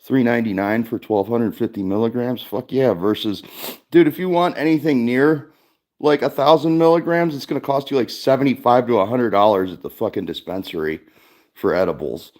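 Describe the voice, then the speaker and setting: A man's voice: mid-range voice, fairly quick, a little mellow. A man hosting a casual livestream from his garage, talking in a rambling, laid-back way and swearing often. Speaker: livestream host.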